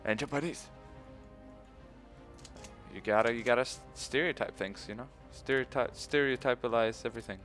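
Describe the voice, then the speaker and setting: A man's voice: mid-range voice, moderate pace, long pauses, fairly bright tone, faint music behind. A young man commentating his own strategy game playthrough, rambling and swearing often. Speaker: let's play host. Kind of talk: gaming commentary.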